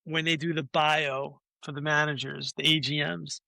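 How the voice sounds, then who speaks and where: A man's voice: a little high, level tone, moderate pace, gravelly, sharp tone, no echo. A man in his forties, a podcast guest, telling a long anecdote in casual talk, swearing freely and acting out what other people said. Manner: swears freely, acts out quoted voices.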